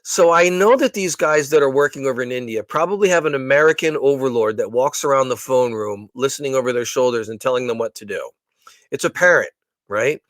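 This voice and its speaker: A man's voice: mid-range voice, fairly quick, no echo. A man co-hosting a podcast in casual chat. He tells stories animatedly, acting out the voices he quotes, with frequent restarts. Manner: animated storyteller who acts out quoted voices, many restarts. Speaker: podcast co-host.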